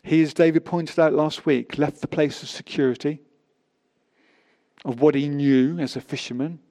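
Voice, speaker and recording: A man's voice: fairly high pitch, steady tone, normal speed, warm tone. A man preaching a sermon, reading scripture aloud with emphatic rises and drops.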